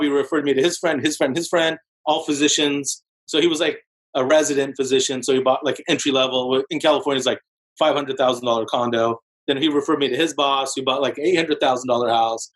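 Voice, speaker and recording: A man in his forties, a podcast guest, telling his story in an animated, casual way with many fillers like "like". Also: rough recording. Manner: animated storyteller, heavy use of "like", jumps into higher voices for quotes. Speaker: podcast guest, real estate broker.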